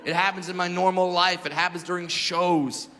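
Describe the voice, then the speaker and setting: High-voiced man doing loud stand-up. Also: moderate pace, background noise. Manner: loud, animated storytelling that swings between hushed asides and shouted punchlines. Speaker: stand-up comedian. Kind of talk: stand-up comedy routine. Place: comedy club stage before a live audience. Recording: live club recording with reverb and audience laughter.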